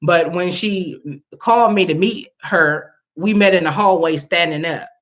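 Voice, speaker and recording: Animated woman telling a story, lo-fi. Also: unhurried. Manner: animated, laughing, pitch jumps when quoting others. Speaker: vlogger. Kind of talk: casual storytelling to viewers. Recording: dull lo-fi sound.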